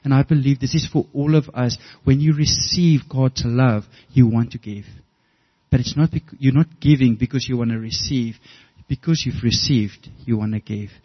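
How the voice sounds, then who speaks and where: A man's voice: mid-range voice, normal speed, muffled recording. A middle-aged man preaching a sermon, earnest and storytelling, often restarting his words. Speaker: pastor.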